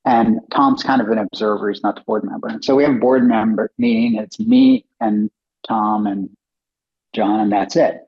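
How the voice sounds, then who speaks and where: A man's voice: on the low side, normal speed, gravelly, breathy edge. A middle-aged man, a company co-founder, telling stories in a casual interview and acting out the dialogue he remembers. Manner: animated, acts out quoted dialogue in other voices. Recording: dull lo-fi podcast audio.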